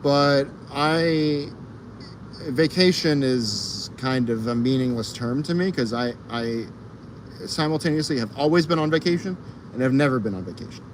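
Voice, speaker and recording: A man's voice: medium pitch, normal speed, slight background noise. A man livestreaming outdoors on a fire escape, rambling and swearing casually, laughing often and trailing off into ums and uhs. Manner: rambling, profane, laughs a lot, trails off in fillers. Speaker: streamer.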